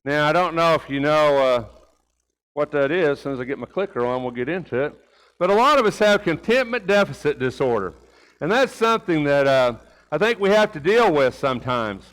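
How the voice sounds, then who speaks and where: A middle-aged male preacher with a notably high-pitched voice delivers a conversational sermon in a church. His manner is folksy and down to earth, and he leans on rhetorical questions and repeated phrases as he tells a personal story. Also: expressive, brisk, fairly bright tone, clear, resonant tone, poor audio. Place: church sanctuary.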